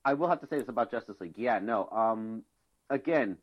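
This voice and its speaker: A podcast co-host rambles through casual chat full of fillers, restarts, and swearing. His fairly low voice is animated and a little fast, captured with slightly dull lo-fi sound.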